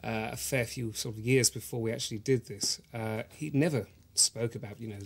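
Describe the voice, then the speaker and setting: A man's voice: medium pitch, fairly even intonation, fairly quick, vocal fry, husky. An actor playing a pretentious, self-regarding male actor, talking earnestly in a mock documentary interview. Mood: recounting. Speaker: actor in the series.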